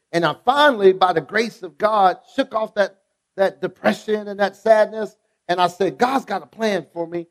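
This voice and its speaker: A male pastor with a notably high voice delivers a sermon in a church. He preaches emphatically in a rhythmic style, repeating phrases and calling on the congregation to say them back. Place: church sanctuary.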